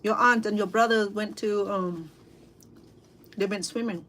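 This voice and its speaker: A middle-aged woman with a Cambodian accent, chatting casually with livestream viewers over dinner at home, halting, full of fillers and restarts. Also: mid-range voice, fairly even intonation, fairly bright tone. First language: Khmer. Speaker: cooking vlogger and interpreter. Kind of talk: casual livestream chat while eating.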